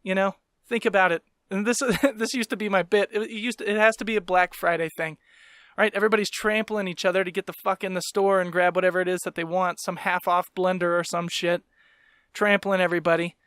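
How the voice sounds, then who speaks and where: Male comedian host, high voice, swearing constantly, animated rant, dry close recording. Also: brisk, clean tone, no echo. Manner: profane, animated, ranting, laughing asides. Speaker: podcast host and stand-up comedian.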